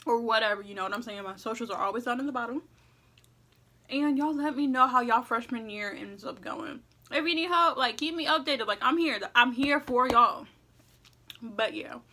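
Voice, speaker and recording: A young woman talks straight to her viewers in a relaxed advice vlog. Her voice is bright and a little high. She rambles in a friendly way, peppering everything with fillers, and talks with food in her mouth. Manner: chatty, heavy use of "like" and "you know what I'm saying"; eating while talking. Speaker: vlogger giving school advice.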